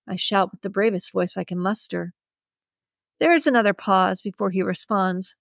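A woman reading a first-person story as an audiobook narrator, with a measured, storytelling delivery. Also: medium pitch, gravelly, no room sound, clean studio sound.

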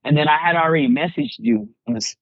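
A man's voice: on the high side, animated, fast talker, vocal fry, dry recording. A man casually recounting a story on a podcast, heavy on slang fillers and swearing. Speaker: podcast co-host. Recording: dull lo-fi sound, dry.

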